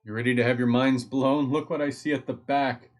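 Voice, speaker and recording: A man's voice: mid-range voice, fairly even intonation, brisk, soft background music. A man hosting a live stream at home, chatting casually and thinking aloud as he reads, easily getting sidetracked.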